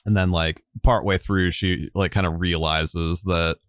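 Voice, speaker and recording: A man's voice: low-pitched, steady tone, measured pace, a bit bright, no echo, clean studio sound. A man narrating a tabletop game as game master, rambling with many fillers.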